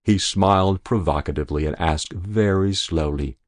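A man narrates a short story at an unhurried, measured pace. His voice sits very low. The recording is dry, with no room sound. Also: expressive, a little mellow, dry recording. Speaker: story reader.

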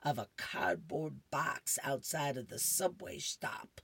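A woman voicing a boastful young boy from a comic strip, drawling his lines slowly. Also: low voice, expressive, creaky, slightly rough, dry recording, heavily acted.

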